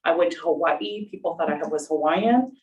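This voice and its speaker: Low-voiced woman on a distant video call. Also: moderate pace, muffled recording, a crowd in the background. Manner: earnest, explanatory. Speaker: panelist. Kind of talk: webinar panel talk.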